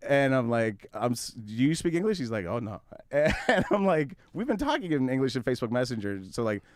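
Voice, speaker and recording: A man hosting a radio talk show, telling a long story in a casual, animated way, swearing freely and acting out both sides of the conversation. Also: mid-range voice, a little fast, dry recording, studio quality. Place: studio.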